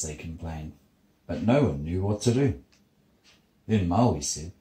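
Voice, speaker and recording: A man, a father reading a bedtime story steadily and gently in his child's bedroom. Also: deep voice, lively intonation, measured pace, long pauses, echoey room, poor audio.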